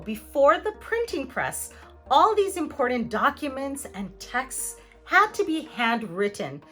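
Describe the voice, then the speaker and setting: A woman teaching pronunciation in a scripted lesson, her voice high and bright. She swings her pitch a lot and sounds out example words carefully, with a playful, joking streak. Soft music plays under her. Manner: playful, jokey, clearly articulated examples.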